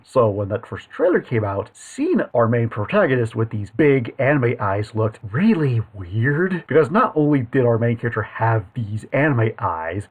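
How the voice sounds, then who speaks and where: A man delivering a solo audio movie review, mostly reading through his points with occasional asides and punching key words with sudden emphasis. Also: medium pitch.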